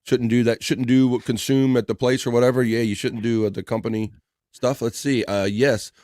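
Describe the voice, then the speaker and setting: A man's voice: mid-range voice, steady tone, a little fast, darkish tone, no echo. A man in the middle of his range hosts a live stream, rambling easily and chuckling between thoughts. His voice sits close and dry, with no room around it. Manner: rambling and laid-back, lots of fillers and chuckles. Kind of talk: casual chat.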